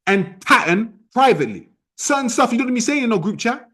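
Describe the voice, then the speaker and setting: A man leading an online sales team training, talking in a forceful, repetitive, challenging way. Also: extremely high pitch, big pitch swings, fairly quick. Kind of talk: motivational training talk.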